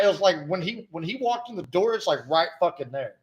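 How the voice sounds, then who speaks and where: A man's voice: high voice, animated, fast, a bit bright, muffled recording. A man in casual chat, blunt and profane, venting about customers with heavy swearing and coughing now and then. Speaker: podcast co-host.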